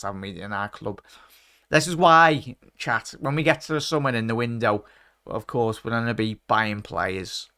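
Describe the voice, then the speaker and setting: A man's voice: lowish voice, fairly bright tone. A man hosting a casual live-stream quiz, chatty and rambling, often stopping to correct himself. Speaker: quiz host.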